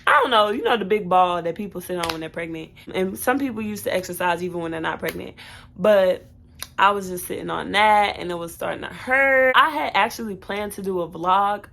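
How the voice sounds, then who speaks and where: A woman's voice: lowish voice, gravelly, fairly bright tone. A young woman telling her own birth story in a casual storytime vlog, candid and chatty, with fillers and self-corrections.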